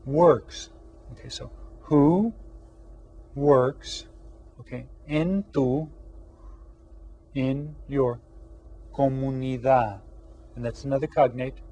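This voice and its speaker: Slow, husky-voiced male teacher. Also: medium pitch, darkish tone. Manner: patient, slows to a crawl on each Spanish word; asks questions and pauses for answers. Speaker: Spanish teacher. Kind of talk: classroom video lesson for children.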